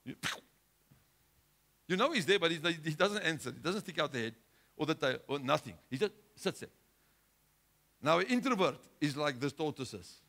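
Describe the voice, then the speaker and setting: A male pastor preaching a sermon with a South African accent, swinging between loud urgent exhortation and quiet, low asides. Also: very animated, normal speed, gravelly, long pauses. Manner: impassioned preaching, rising loud then dropping low.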